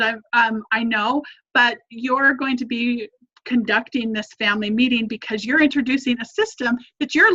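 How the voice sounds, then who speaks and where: A woman's voice: a little high, pushed and bright, dull audio. A woman family coach giving an earnest, encouraging lesson, repeating her points for emphasis.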